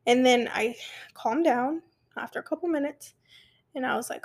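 A young woman telling a personal story and giving advice in a chatty, animated way, often restarting her sentences. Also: high-pitched, moderate pace. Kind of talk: casual personal advice talk.

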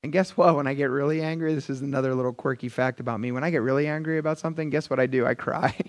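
A middle-aged man preaching a conversational, animated sermon, often calling the audience "you guys". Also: mid-range voice, rapid-fire. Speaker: pastor.

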